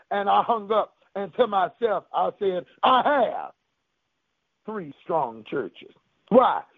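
A man preaching a radio sermon, making loud declarations and at times speaking in tongues. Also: high-pitched, slightly rough, no echo. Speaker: pastor. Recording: tinny phone-like radio line.

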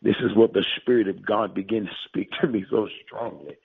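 A man's voice: fairly low pitch, fairly even intonation, brisk, vocal fry, slightly rough, dry recording. A male pastor preaching and prophesying to listeners on a conference call, emphatic and repetitive, drawing out key phrases. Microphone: phone line. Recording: tinny phone line.

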